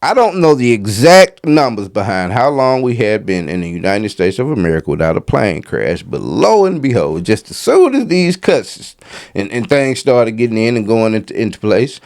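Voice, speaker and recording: Gravelly, lively-voiced commentary host. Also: male voice, lowish voice, normal speed. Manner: rambling, conversational, frequent fillers and asides. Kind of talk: casual commentary monologue.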